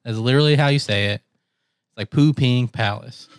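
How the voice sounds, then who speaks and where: A young man telling a story in casual chat, animated, laughing and mimicking other voices. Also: medium pitch, fast, clear, resonant tone, no echo, clean studio sound.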